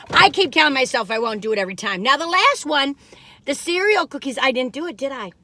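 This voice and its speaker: A woman's voice: sits high, expressive, quick pace, bright, forceful tone. A bubbly, giggly woman chatting through a casual food review from inside her car. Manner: bubbly, giggly, sings playful jingles.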